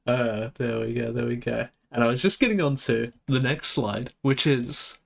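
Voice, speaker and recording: A young man chatting on a live stream, excitable, giggly and stammering as he talks. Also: medium pitch, slow, vocal fry, long pauses. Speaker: VTuber streamer. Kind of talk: casual live-stream chat.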